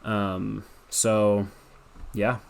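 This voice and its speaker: Young guy from colorado, lowish smooth voice, rambling with lots of ums and likes. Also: flat delivery, extremely slow. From Colorado, USA. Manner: rambling, with many fillers and likes. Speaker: podcast guest. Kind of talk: casual interview answers.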